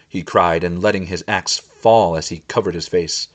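A man narrating a fantasy story as a scripted reading, with measured, dramatic emphasis. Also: sits low, steady tone.

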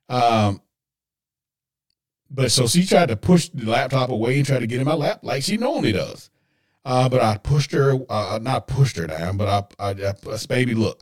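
A man's voice: medium pitch, a little mellow. A man hosting a podcast, telling a personal story earnestly and emotionally, with preacher-like asides to listeners he calls guys. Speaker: podcast host.

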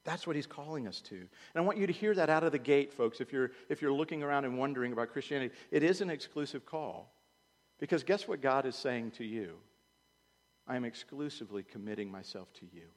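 A male pastor, preaching a sermon and swinging between loud urging and quiet earnest talk. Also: mid-range voice, lively intonation, quick pace. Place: church sanctuary. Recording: long hall reverb.

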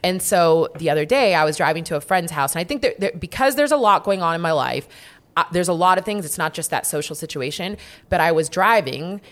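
A woman with a notably low-pitched voice speaks frankly in a relaxed, casual conversation. She is a young adult who swears freely and stresses points by repeating words. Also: fairly quick.

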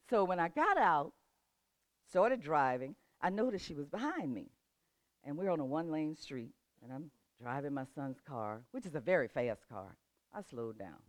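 An older woman with a low, full voice and a very lively swing in her pitch. She tells a story with frequent laughs and then turns to motivational advice. The sound is close and dry, with almost no room around her. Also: no room sound. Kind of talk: casual storytelling and motivational talk.

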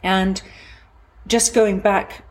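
A middle-aged woman telling a personal story from her own life, in a halting, reflective way with frequent restarts. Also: mid-range voice, level tone.

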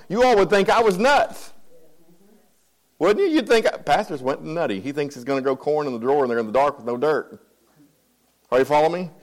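Here a pastor with a fairly high voice delivers a chatty sermon, circling back over phrases and checking in with his listeners to see if they're with him. The audio is poor.

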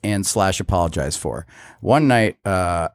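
Male podcast host, animated rambling storyteller, low lively voice, dry sound. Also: measured pace, clear, resonant tone, no room sound. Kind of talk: casual chat.

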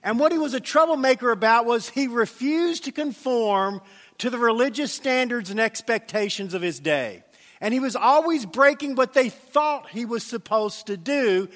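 A man's voice: extremely high pitch, lively intonation, normal speed, a bit bright, big-room sound. A man preaching a sermon as pastor, telling a funny story and playing the voices in it. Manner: humorous, acts out voices in anecdotes. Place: church sanctuary.

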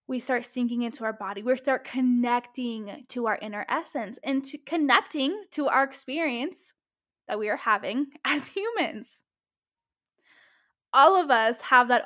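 A woman with a high voice hosts a self-help show, speaking in a loose, animated way. She curses freely and slips into quick little voices for her inner thoughts. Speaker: podcast host. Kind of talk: casual self-help monologue.

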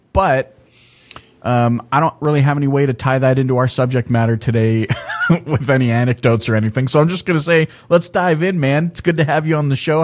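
A man's voice: medium pitch, darkish tone. A man from Canada in his thirties hosting a podcast interview, joking around and laughing often, with plenty of fillers. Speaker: podcast host. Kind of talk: casual interview chat.

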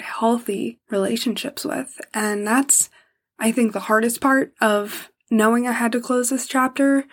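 A young woman hosting a personal podcast, speaking emotionally and pausing often to hold back tears, sometimes dropping to a soft whisper. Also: fairly high pitch. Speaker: podcast host.

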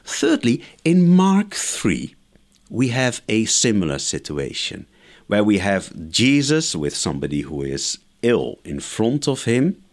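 A man's voice: on the low side, wildly swooping pitch, slow. A man, a scholar guest in an interview, giving methodical explanatory answers point by point. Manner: lecturing, methodical, enumerates points.

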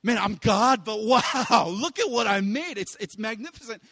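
A man's voice: high voice, lively intonation, normal speed, bright, forceful tone, husky, dry recording, clean studio sound, exaggerated voice. A man preaching voices God marveling at creation in an exclaiming, delighted way. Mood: awed. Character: awed delighted male God admiring creation.

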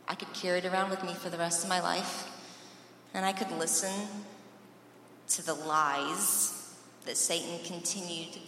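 A woman speaks her personal faith testimony with earnest emphasis and long dramatic pauses. Her voice is low-pitched but bright and forceful. She is heard from a distance in a large echoey hall, with faint ambience underneath. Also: a little hiss or hum.

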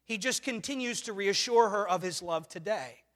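A man's voice: high-pitched, normal speed, a bit bright. A man preaching a sermon with earnest rhetorical questions, his volume swelling and dropping. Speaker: pastor. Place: church sanctuary. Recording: long reverb of a church hall.

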